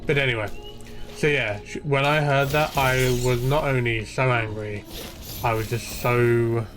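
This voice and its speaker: A man's voice: medium pitch, steady tone, a little slow, faint music behind. A young man ranting and swearing freely while streaming a game, rambling from point to point. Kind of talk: ranting live gameplay commentary.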